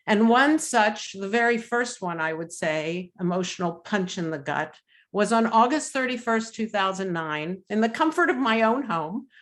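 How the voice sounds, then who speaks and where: A woman's voice: mid-range voice, animated, fairly bright tone. Reflective middle-aged woman giving testimony. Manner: measured and reflective, with pauses and fillers. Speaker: webinar speaker and author. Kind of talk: personal testimony presentation. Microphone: video call.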